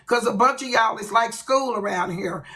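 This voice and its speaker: A woman's voice: on the high side, normal speed, pushed and bright, poor audio. A woman hosting her own livestream, ranting bluntly and with lots of profanity. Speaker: livestream host. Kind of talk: ranting live stream.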